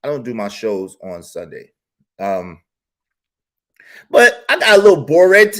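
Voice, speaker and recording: Animated, high-voiced man hosting a live stream. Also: a little slow, long pauses. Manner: animated, repetitive, slangy storytelling. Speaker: YouTube live stream host. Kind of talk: casual live-stream commentary.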